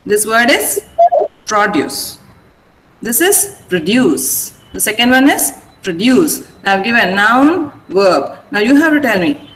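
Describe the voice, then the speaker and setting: A woman teaching an online English vocabulary class, repeating words slowly and asking her pupils how to pronounce them. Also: on the high side, very animated, fairly bright tone, slight background noise, poor audio.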